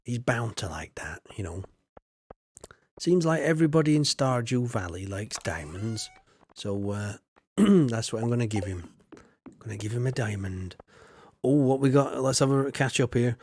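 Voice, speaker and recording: A man's voice: medium pitch, animated, normal speed, pauses often, darkish tone, slightly rough. A man chatting casually while streaming a farming game, rambling and mocking himself. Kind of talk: casual gameplay chat.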